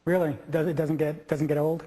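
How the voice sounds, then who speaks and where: A man with a notably high speaking voice conducts the interview. He asks his questions in a halting way, restarting them before he gets them out. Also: flat delivery, mellow.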